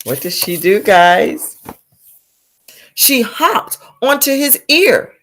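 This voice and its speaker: A woman reading a picture book aloud to children, animated and exclamatory, stopping to ask them questions. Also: a little high, slow, pauses often. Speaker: storytime reader for children.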